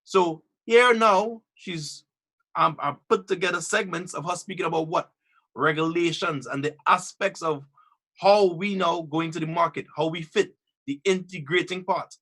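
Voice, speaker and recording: A man's voice: on the high side, moderate pace. A man presenting video clips in a webinar, commenting on them in an emphatic way. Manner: emphatic, rising to excited.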